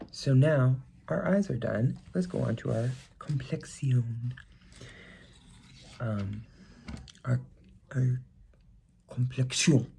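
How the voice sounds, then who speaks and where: Chatty young man with a gravelly voice. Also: medium pitch, mellow, a little hiss or hum. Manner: chatty, rambling, self-correcting. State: slightly stuffy nose. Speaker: makeup vlogger. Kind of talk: casual get-ready-with-me chat.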